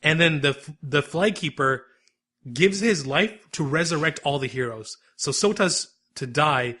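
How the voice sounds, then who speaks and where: A man co-hosting a podcast, recapping an episode in a lively, rambling, casual chat. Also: a little high, measured pace, breathy edge. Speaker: podcast co-host.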